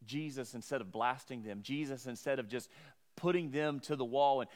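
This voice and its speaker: A man's voice: medium pitch, moderate pace, a little mellow, long reverb tail. A middle-aged man preaching a sermon, earnest and conversational, often restarting his words. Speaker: pastor.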